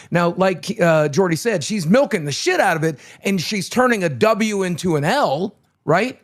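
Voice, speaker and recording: A man on a live stream panel giving his opinion in a tired, low-energy way. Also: expressive, moderate pace, hardly any pauses. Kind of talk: casual chat.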